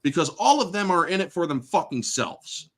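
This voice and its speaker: A man hosting his own show, ranting bluntly and swearing at nearly every turn. His voice sits a little higher than most men's and swings widely in pitch as he works himself up, with a sarcastic edge throughout. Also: sing-song, normal speed, fairly bright tone. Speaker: host. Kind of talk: profane political rant.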